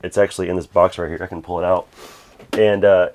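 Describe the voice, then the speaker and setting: Man, very deep voice, casual rambling chat, lots of ums, game collector at home. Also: rapid-fire, slight background noise. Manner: rambling, many fillers and restarts.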